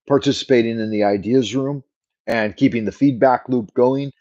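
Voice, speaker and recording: Middle-aged guy doing a goofy fake irish lilt on his late night stream, warm low-key tone, kinda muffled audio. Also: moderate pace. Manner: jokey put-on mock Irish lilt; rambling, thanks viewers by name. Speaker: livestream host. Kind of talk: casual late-night livestream chat. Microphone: camera mic.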